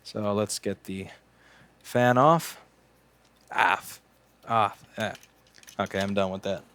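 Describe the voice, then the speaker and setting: A man's voice: fairly low pitch, steady tone, slow pace, fairly bright tone. A man in his late twenties, hosting a casual livestream while doing repair work, chatting in a sarcastic, joking, rambling way. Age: late 20s. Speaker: repair technician and stream host.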